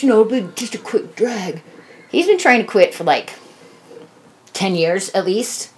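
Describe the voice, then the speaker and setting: A woman's voice: mid-range voice, a little mellow. A woman telling a casual personal story, rambling and swearing freely, acting out quoted dialogue as she goes.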